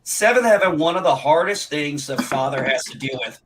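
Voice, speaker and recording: Bright, forceful man chatting. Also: a little high, animated, brisk, rough recording. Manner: chatty, emphatic. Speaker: chat show panelist. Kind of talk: casual chat about old TV shows.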